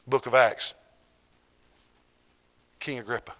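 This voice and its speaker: Middle-aged man as pastor, mid-pitched, preaching sermon, loud bursts and hushed drops. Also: fairly quick. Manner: swings between loud preaching and hushed, low delivery.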